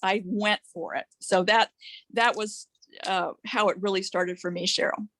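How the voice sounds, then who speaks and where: Middle-aged woman, earnest storyteller, dry close sound, mid pitch. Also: fairly even intonation, measured pace, a bit bright, no room sound. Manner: earnest storytelling, quotes others in dialogue. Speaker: physician turned business leader. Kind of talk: recorded conversation in a training call.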